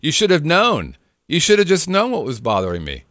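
A man's voice: on the high side, wildly swooping pitch, brisk, fairly bright tone, dry recording, clean studio sound. A middle-aged married man co-hosting a podcast, joking and teasing in casual banter. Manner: joking, teasing, does silly voices. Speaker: podcast co-host.

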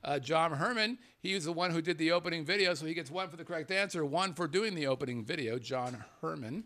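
A man co-hosting a casual podcast, reading out listener names with playful, animated banter that drops into murmured asides. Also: on the high side, fast talker. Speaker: co-host.

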